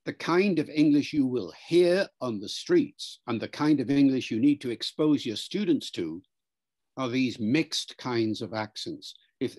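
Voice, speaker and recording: A linguistics professor talks through an interview in a measured, lecturing manner. He stops now and then to say sounds aloud as examples. His voice sits at an ordinary male pitch. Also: a little mellow. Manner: lecturing, demonstrates pronunciations aloud. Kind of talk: explanatory interview talk.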